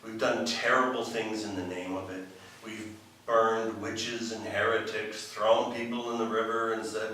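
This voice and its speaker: A man's voice: on the low side, steady tone, measured pace, bright, forceful tone, distant mic, slight background noise. Conversational male preacher in an echoey church. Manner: conversational, rambling with restarts and asides. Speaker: pastor. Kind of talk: sermon. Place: church sanctuary.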